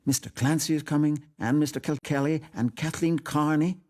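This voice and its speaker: A woman's voice: sits low, steady tone, moderate pace, dark tone, voice pushed up, natural voice. A man putting on a needling young woman. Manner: pointed, needling questions. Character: earnest, probing young Irish nationalist woman. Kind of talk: audiobook reading.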